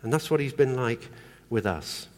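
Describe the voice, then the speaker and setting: A man's voice: medium pitch, animated, normal speed, darkish tone. A man preaching a sermon in a conversational way, often asking the congregation questions. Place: church hall. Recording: long hall reverb.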